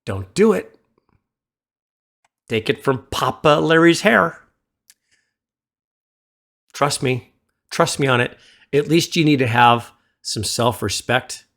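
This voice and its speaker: A man hosting a music reaction video, gently advising the viewer like a mentor into a desktop studio mic. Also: mid-range voice, expressive, slow, long pauses. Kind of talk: casual reaction commentary. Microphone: desktop USB studio microphone.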